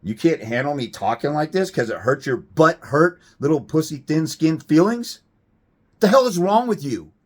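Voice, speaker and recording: A man's voice: fairly high pitch, lively intonation, normal speed. A man giving a blunt, profane, combative rant to camera as a fathers' rights advocate, firing off rhetorical questions.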